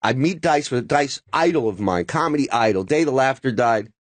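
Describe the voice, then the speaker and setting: Animated man telling a comedy story. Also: mid-range voice, moderate pace, dry recording. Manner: animated storyteller with many quoted voices. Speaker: stand-up comedian. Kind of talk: animated anecdote in casual chat.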